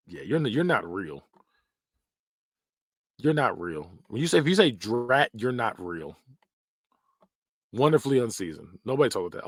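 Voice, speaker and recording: A man's voice: lowish voice, big pitch swings, normal speed, long pauses, fairly bright tone, no echo, clean studio sound. A man hosting a podcast, chatting casually and laughing often as he reacts, sometimes mimicking phrases in exaggerated voices. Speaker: podcast host.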